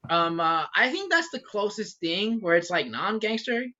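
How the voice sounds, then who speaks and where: A man chatting on a podcast with a bright, animated voice that swings up and down in pitch. He laughs often, swears casually and fills his sentences with "um" and "like". The recording sounds dull and lo-fi. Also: moderate pace. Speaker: podcast co-host. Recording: muffled lo-fi recording.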